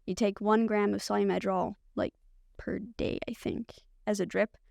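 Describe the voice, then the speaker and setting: A woman's voice: medium pitch, fairly even intonation, normal speed, gravelly, a little mellow, no room sound, studio quality. A woman, a podcast guest, telling her own story candidly and loosely, with a lot of "like" fillers. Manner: candid, rambling, frequent "like" fillers. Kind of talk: personal storytelling.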